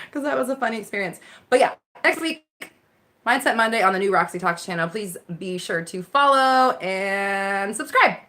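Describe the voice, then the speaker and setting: With a mid-range voice and a sharp tone, a woman chats casually into her phone while hosting a live Q&A as a mindset coach. She reacts to viewers' comments, laughing often and swearing casually.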